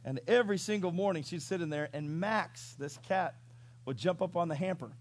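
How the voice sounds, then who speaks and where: A male pastor preaching a sermon in an animated storytelling way, chuckling and asking the congregation questions. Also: high-pitched, brisk.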